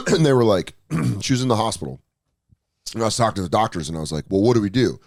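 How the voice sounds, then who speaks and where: A man guesting on a podcast in casual chat, telling animated stories, jumping into put-on voices and laughing through his lines. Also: fast talker, creaky, no room sound, studio quality. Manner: animated storyteller, jumps into high put-on voices for bits. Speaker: comedian guest.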